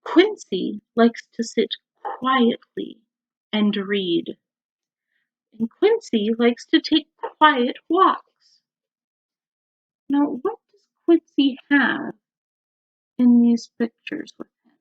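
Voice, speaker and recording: A woman teacher reading a picture book aloud to young children at home, stopping to ask them questions. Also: a little high. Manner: slow, animated, asks the children questions. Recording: dull lo-fi recording.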